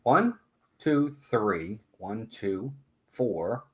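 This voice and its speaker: A man's voice: fairly low pitch, very animated, extremely slow, fairly bright tone. A man hosting a casual live stream, counting votes and greeting viewers by name. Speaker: host.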